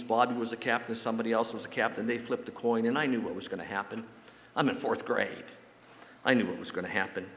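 A man from the United States preaching a sermon and telling a personal story in a folksy way. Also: mid-range voice. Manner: folksy storytelling, animated when quoting others. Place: church sanctuary. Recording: roomy echo with long hall reverb.

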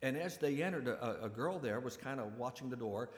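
A man preaching a sermon and retelling a story in a conversational, animated way. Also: mid-range voice, a little fast. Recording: echoey hall with long reverb.

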